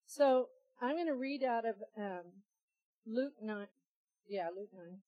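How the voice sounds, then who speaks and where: Woman preacher, higher voice, lively storytelling, sermon, dry close recording. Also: slow, no room sound, lo-fi sound. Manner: animated storytelling, acting out dialogue. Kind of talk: sermon with testimony and scripture reading.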